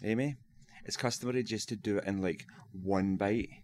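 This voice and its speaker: A man's voice: lowish voice, steady tone, moderate pace, darkish tone, a little hiss or hum. A man chatting casually as a podcast co-host, joking dryly and laughing often. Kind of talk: casual chat. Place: convention hotel room.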